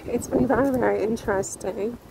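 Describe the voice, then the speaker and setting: A woman's voice: fairly high pitch, brisk, gravelly, background noise. A woman vlogging to camera while walking outdoors, rambling with restarts and asides. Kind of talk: casual vlog talk to camera. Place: outdoors on town streets.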